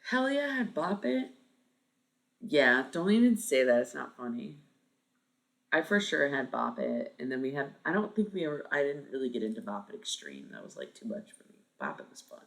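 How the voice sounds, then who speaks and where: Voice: medium pitch, sing-song, normal speed, vocal fry, a bit bright. A streamer around thirty chatting casually with viewers, thinking aloud and swearing freely. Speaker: live streamer.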